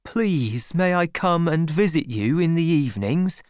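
A man voicing an earnest young shepherd farmer who gently pleads his love, in a slow, lively storybook reading. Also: a little high, no room sound, studio quality, pitched above the performer's own voice. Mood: earnest pleading.

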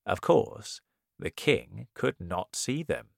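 Man, storybook narrator, slow and clear, very expressive pitch, dry sound. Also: no room sound.

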